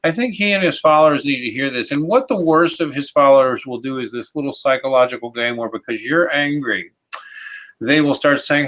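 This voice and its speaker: A man hosting a heated panel discussion, indignant and halting, often restarting his sentences. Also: medium pitch, a bit bright. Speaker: host. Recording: dull lo-fi audio.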